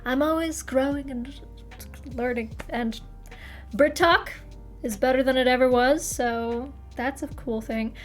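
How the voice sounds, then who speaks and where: A woman's voice: high voice, fairly even intonation, unhurried, soft background music. A young woman streamer chatting casually to her live audience, rambling, swearing freely and laughing often.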